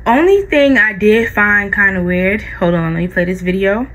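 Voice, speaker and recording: A woman's voice: medium pitch, moderate pace, fairly bright tone, rough recording. Chatty woman vlogger. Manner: rambling, full of likes and restarts. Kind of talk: casual chat.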